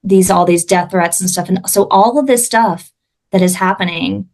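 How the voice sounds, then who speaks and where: A woman's voice: fairly low pitch, normal speed, creaky, darkish tone. A woman from Alabama, a podcast guest talking passionately and often restarting her sentences. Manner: impassioned, frequent restarts. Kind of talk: casual conversation.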